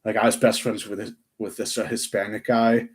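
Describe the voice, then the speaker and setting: A man's voice: lowish voice, flat delivery, fairly quick. A young man chatting on a live stream, rambling with lots of fillers and restarts. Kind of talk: casual live-stream chat.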